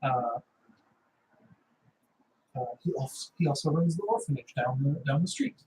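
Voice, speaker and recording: A man's voice: on the high side, lively intonation, darkish tone, distant mic, slight background noise, lightly acted, poor audio. A man putting on a gracious Italian-accented hostess. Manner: halting, heavy-ish Italian accent attempt.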